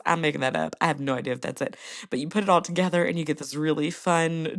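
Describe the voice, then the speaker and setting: A woman's voice: deep voice, fast. Scratchy-voiced woman podcast host. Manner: chatty, bubbly, breaks into short sung snippets. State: scratchy voice from illness. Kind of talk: casual solo podcast chat.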